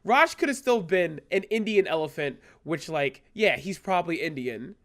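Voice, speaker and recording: A woman co-hosting a podcast, chatting casually in an animated, joking way and swearing freely. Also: fairly low pitch, moderate pace. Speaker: podcast co-host. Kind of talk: casual chat. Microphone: podcast microphone.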